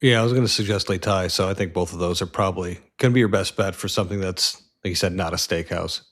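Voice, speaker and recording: A man's voice: sits low, quick pace, fairly bright tone. A man co-hosting a casual podcast, laughing often and agreeing easily. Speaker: podcast co-host. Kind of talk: casual chat.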